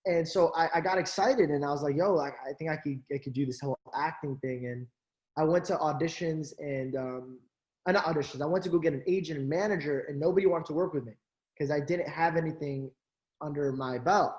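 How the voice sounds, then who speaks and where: Young male interview guest, lively chatty storyteller, a bit high-pitched, roomy echo. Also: a little fast. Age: young adult. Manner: animated, acts out quoted friends, many fillers. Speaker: interview guest, actor and social media creator.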